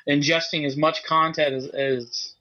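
A man's voice: on the high side, flat delivery, unhurried, pushed and bright. A man in casual chat who rambles along with lots of filler words. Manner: rambling, lots of "like" and "you know". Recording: lo-fi dull sound.

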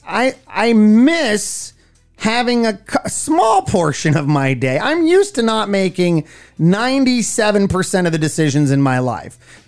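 A middle-aged man co-hosting a radio show, chatting casually and telling stories with lots of expression. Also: sits high. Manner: animated storytelling, acts out voices. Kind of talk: casual chat.

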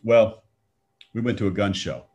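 A man's voice: fairly low pitch, normal speed, a little mellow, highs cut off. Middle-aged guy telling a story, chatty, does little voices for quotes. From Texas. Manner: conversational, acts out quoted lines. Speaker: speaker sharing a personal faith story. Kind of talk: storytelling talk.

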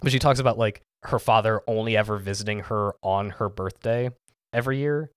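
A man's voice: fairly low pitch, a little fast, clean tone, dry recording, studio quality. A man co-hosting a podcast in casual chat, rambling with lots of "like" and "um". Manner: rambling, full of "like" and "um". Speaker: podcast co-host.

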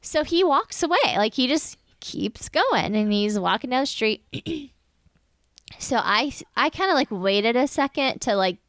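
Animated woman telling a story, smooth voice. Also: a little high, a little slow, dry recording. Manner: animated, acts out the quoted voices of others. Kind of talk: casual storytelling chat.

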